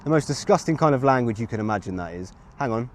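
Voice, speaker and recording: A man in his thirties from England talks chattily to his live chat while streaming outdoors by a road, using a phone mic, with traffic noise behind. His mid-range voice is expressive and darkish in tone, and he talks fast.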